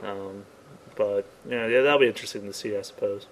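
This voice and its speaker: A man's voice: lowish voice, fairly even intonation, a little fast, slight background noise. A man co-hosting a casual gaming podcast, chatty and loose in his talk. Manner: loose and chatty, with frequent laughter. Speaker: podcast co-host.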